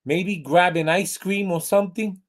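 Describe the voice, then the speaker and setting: A man's voice: high-pitched, fairly even intonation, normal speed, pitched above the performer's own voice, close to an everyday voice. Wisecracking garage mechanic, read by a man. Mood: joking. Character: male garage mechanic, joking.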